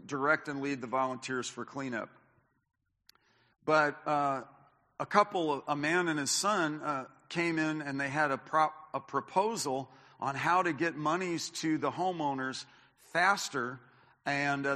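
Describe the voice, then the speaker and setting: A male pastor preaching a sermon in a church, telling personal stories, acting out what people said, with many restarts. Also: fairly high pitch. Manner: animated storyteller, acts out quotes, many restarts. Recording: long reverb of a church hall.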